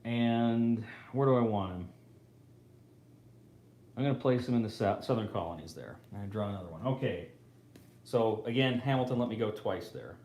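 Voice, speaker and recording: A man's voice: lowish voice, moderate pace, pauses often, a little mellow. Man thinking aloud over a board game. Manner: thinks aloud, casual, self-correcting. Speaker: host. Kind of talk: live board game playthrough commentary. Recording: roomy echo.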